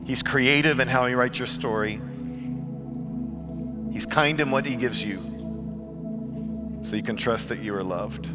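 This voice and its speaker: Earnest preacher man over soft music. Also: medium pitch, unhurried, long pauses. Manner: shifts between hushed earnest tones and lively storytelling. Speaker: pastor. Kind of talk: sermon.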